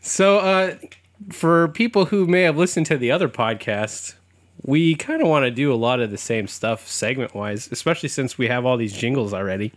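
A man's voice: medium pitch, normal speed, no echo. A young man co-hosting a comedy podcast in casual chat, loose and joking, laughing often, his voice slightly sick. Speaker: podcast co-host.

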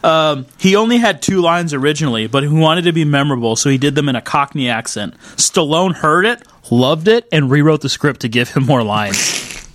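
A man's voice: on the high side, animated, moderate pace. A man co-hosting a casual movie podcast, wry and full of trivia. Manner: wry, trivia-heavy, drops into sung and mock-Cockney bits. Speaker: podcast co-host.

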